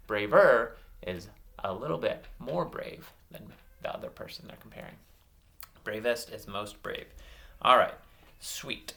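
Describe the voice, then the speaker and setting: A man teaching a phonics lesson to young children, saying words slowly and praising each answer. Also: lowish voice, lively intonation, creaky. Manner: slow, drawn-out words with bright praise.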